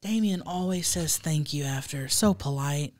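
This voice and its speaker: A woman co-hosting a podcast in casual chat, animated and swearing casually. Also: sits low, moderate pace, dry recording, studio quality. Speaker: podcast co-host.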